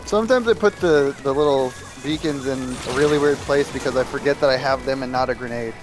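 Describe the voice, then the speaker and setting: A man's voice: medium pitch, a little fast, music in the background. A man chatting casually with friends while gaming, easygoing and joking. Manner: easygoing, joking, filler-heavy.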